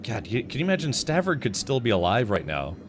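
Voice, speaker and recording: A man's voice: medium pitch, huge pitch swings, quick pace, background noise. A man streaming a game, chatting with his viewers in a rambling, joking way with frequent chuckles. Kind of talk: casual gameplay commentary.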